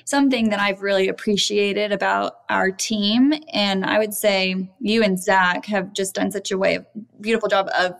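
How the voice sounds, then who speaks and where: A woman in her thirties hosting a podcast interview and steering toward closing questions. Her voice carries a noticeable gravelly fry. Her replies come warm and affirming. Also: mid-range voice, fairly even intonation, normal speed. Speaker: podcast host and coach. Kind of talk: casual interview.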